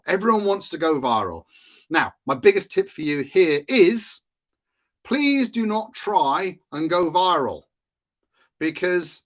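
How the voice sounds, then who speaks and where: A man's voice: on the high side, a bit bright. Chatty man giving a casual lesson. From Wales. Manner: chatty, often checks in with "right?". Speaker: course instructor. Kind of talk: casual teaching talk.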